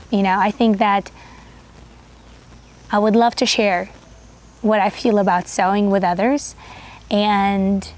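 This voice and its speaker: A woman of thirty hosting a sewing channel, with a high, unusual voice that some call squeaky, chatting earnestly with lots of fillers and restarts. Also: a little mellow. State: voice getting tired and groggy. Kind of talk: casual chat to camera.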